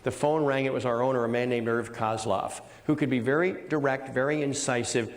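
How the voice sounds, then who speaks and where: An older man giving a keynote as a motivational speaker, an energetic storyteller who hammers points home with punchy repetition. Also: medium pitch, a little fast, big-room sound. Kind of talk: keynote speech.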